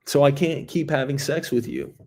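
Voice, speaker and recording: A man in his thirties hosting his own show, talking in a rambling, jokey monologue with swearing and sudden loud bursts. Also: mid-range voice, normal speed. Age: 30s. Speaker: host. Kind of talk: casual solo monologue.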